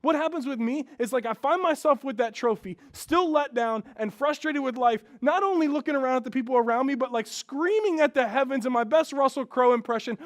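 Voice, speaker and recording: A pastor preaching a sermon, earnest and candid, moving from quiet reflection to loud, animated stretches. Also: male voice, very high-pitched, brisk, hardly any pauses.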